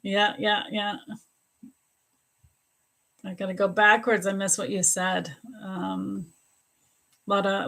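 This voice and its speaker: A middle-aged woman gives live psychic readings, answering viewers' questions one by one. She speaks at an unhurried pace and calls out viewers by name. She often repeats her words and laughs as she goes. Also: mid-range voice, vocal fry.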